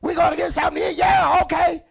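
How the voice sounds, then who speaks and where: A boisterous factory hand , as a man puts him on, who bellows everything in a very high, strained voice. His is gravelly, and he keeps laughing and firing off quick back-and-forth. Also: flat delivery, shouting, muffled recording, some chatter behind, heavily acted. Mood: hollering. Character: loud shouting male factory worker, boisterous.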